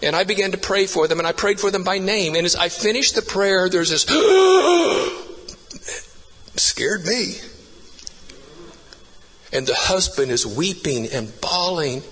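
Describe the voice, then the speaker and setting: Man, preacher, sermon, earnest storytelling, husky, long hall echo. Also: high-pitched, normal speed, bright, forceful tone. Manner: earnest storytelling, building to emphatic repeated phrases.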